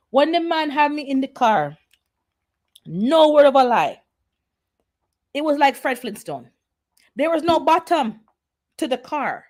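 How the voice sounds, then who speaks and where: A woman with a Jamaican accent chatting casually on a livestream, telling stories in a lively, chatty way. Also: on the high side, moderate pace, pauses often. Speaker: gardening channel host.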